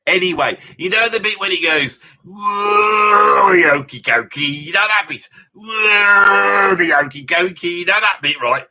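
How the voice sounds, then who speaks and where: A man's voice: high voice, lively intonation, brisk, few pauses, pushed and bright, full character voice. A man with a Birmingham accent voicing a boastful older rocker who rambles through tall tales in a comic live reaction, full of asides and mock indignation. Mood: rambling. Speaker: live reaction streamer in character.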